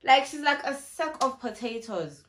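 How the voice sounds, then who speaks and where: A young South African woman telling a story in a casual, animated way, acting out what people said. She records on her phone. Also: high voice, unhurried, a little hiss or hum. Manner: animated, acts out what people said, mixes in isiZulu slang. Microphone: phone camera.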